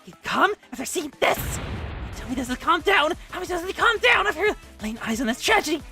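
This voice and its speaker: A woman voicing a reclusive, prickly young librarian girl who speaks in a low, hushed mutter. Faint music plays underneath. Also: expressive, quick pace. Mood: distraught. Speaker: library committee president.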